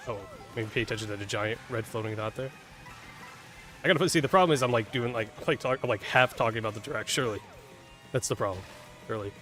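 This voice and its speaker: A man's voice: mid-range voice, quick pace, fairly bright tone, soft background music. A man casually commenting while playing a game, rambling with lots of fillers, swearing and laughing at his own mistakes. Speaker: gaming streamer.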